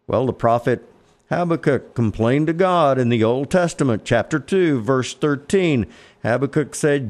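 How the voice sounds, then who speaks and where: Texan guy preaching, slow stressed phrases, medium pitch. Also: lively intonation, a little mellow. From Texas. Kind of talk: sermon with scripture readings.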